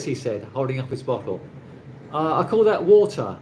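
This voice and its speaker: A man's voice: mid-range voice, sing-song, moderate pace, a little mellow, a little hiss or hum. A man from England, hosting a rambling casual live chat with viewers from his condo, laughing often. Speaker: livestream host. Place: condo in the Philippines.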